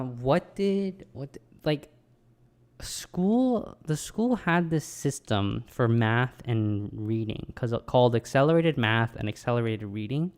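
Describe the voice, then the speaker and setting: A young adult man casually recalling a childhood memory, rambling and animated with lots of ums and likes, mocking himself. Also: mid-range voice, smooth. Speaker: vlogger. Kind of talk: casual personal storytelling.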